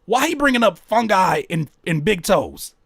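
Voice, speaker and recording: A man hosts a casual reaction commentary, and his pitch swings widely as he reacts. He talks in an animated, incredulous way, and his voice leaps high when something baffles him. The sound is dry and close. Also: normal speed, vocal fry, dry recording. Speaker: reaction video host.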